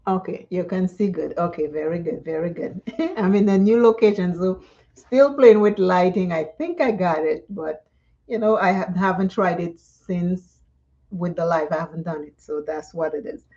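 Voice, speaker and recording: A woman's voice: on the low side, moderate pace, warm tone, muffled recording. A woman from Dominica, chatting and telling stories during a live makeup tutorial and laughing often. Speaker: makeup vlogger.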